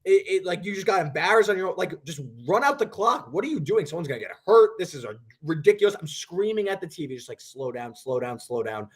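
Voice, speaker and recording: A young man co-hosting a sports betting show, telling a long story in an animated, rambling way. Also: high-pitched, fast, hardly any pauses, husky. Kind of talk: casual podcast chat.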